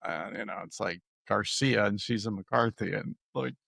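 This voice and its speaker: A man hosting a podcast, asking relaxed questions with halting restarts. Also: fairly low pitch, vocal fry, no echo. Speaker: podcast host. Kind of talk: interview questions.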